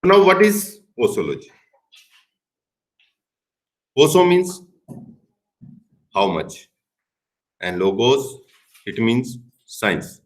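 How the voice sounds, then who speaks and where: A middle-aged male professor with an Indian English accent delivers a recorded lecture. His voice sits at an ordinary mid pitch, and he talks in measured phrases that lean hard on the words he wants remembered. Now and then he drops into Hindi to explain a point. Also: very animated, low-quality recording. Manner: deliberate, stresses key words, slips into Hindi. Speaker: pharmacy professor.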